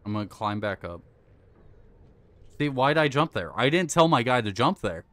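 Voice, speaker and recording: A male game streamer riffs into a close desk mic in a dry, deadened room. He coaches himself through tricky moves, then bursts into loud, profane rage and cackling laughter. His voice sits at an ordinary middle pitch for a man. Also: normal speed, dry recording. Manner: excitable, swears and rages, coaches himself aloud. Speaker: live streamer. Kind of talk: live gameplay commentary.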